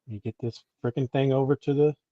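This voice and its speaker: A man's voice: mid-range voice, steady tone, a little fast, warm tone, no room sound, muffled recording. A man hosting a podcast in casual chat, easygoing, with loose fillers. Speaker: podcast host.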